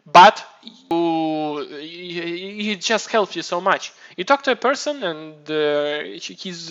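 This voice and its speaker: Bright-voiced man streaming, lo-fi mic. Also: high voice. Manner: rambling, profane, self-mocking, many restarts. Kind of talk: casual live-stream chat.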